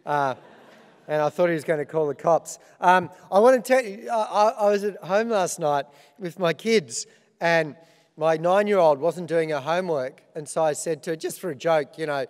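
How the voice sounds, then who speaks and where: A middle-aged Australian man opens an awards ceremony with wry, self-deprecating anecdotes. His voice sits somewhat high for a man, and a long hall reverb trails each line. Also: normal speed. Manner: self-deprecating storytelling with dry punchlines. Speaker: awards host. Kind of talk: comic opening speech.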